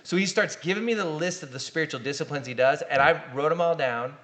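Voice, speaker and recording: A middle-aged man, a pastor and guest, telling lively stories in casual podcast conversation and acting out the quotes. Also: on the high side, fast. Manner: animated storyteller, acts out quotes.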